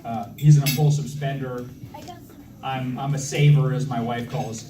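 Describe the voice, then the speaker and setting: A man's voice: mid-range voice, fairly even intonation, moderate pace, noisy background. A man in his thirties giving a wedding speech for his brother, joking and self-deprecating, with many fillers and restarts. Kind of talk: wedding toast. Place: wedding reception hall. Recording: echoey hall from far off, loud crowd ambience.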